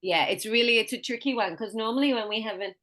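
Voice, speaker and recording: A woman with a bright, forward voice runs a one-on-one pronunciation lesson. She stretches out example words slowly and clearly so her student can copy them, then goes back to explaining at an easy, patient pace. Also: a little high. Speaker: pronunciation teacher.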